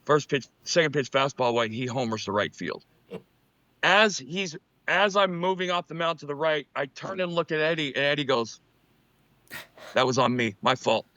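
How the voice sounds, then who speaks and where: A man tells baseball stories in a relaxed podcast chat, his voice bright and a little high for a man. He talks in bursts and restarts his sentences as he goes. The sound is dry and slightly dull. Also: moderate pace, no echo. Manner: animated anecdotes, frequent restarts. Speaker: former MLB pitcher, co-host. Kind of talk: casual storytelling chat.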